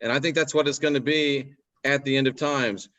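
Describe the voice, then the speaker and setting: A former preacher speaks as a calm, measured guest in a conversation. His voice sits at a middle pitch. The audio sounds slightly dull and lo-fi. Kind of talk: casual discussion.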